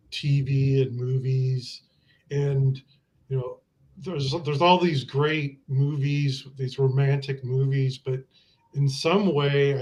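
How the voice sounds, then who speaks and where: A man hosts the conversation at an unhurried, slow pace. He sounds calm and asks open questions to draw his guests out. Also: mid-range voice. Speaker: podcast host. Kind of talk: interviewing guests.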